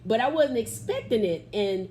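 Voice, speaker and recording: A middle-aged woman giving an animated, expressive testimony as an interview guest, acting out the quotes in her story. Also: fairly high pitch, moderate pace, a crowd in the background. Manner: Southern Black church vernacular, expressive, acts out quotes.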